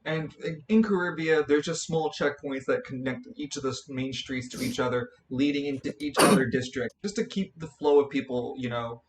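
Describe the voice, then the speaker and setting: Young male game master, halting rambling narration, mid-pitched voice over faint room hum. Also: steady tone. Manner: rambling narration, many fillers and restarts. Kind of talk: narrating a tabletop role-play.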